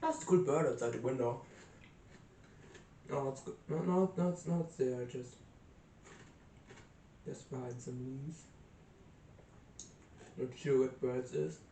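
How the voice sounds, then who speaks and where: A young man chats aimlessly to his camera, stumbling over restarts and fillers. His voice sits at an ordinary pitch and sounds a little distant, with echo off the walls of a small room. A faint rumble hums underneath. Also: fairly even intonation, takes it slowly, pauses often, warm tone. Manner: rambling, hesitant, many restarts and fillers. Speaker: vlogger. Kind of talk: casual rambling vlog. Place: small room indoors by a window. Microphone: camera set up close in a cramped room.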